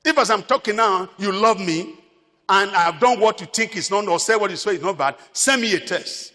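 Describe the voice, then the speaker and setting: A man's voice: high voice, brisk, sharp tone, in a large hall. A Nigerian man preaching a sermon as pastor, emphatic, repeating his phrases.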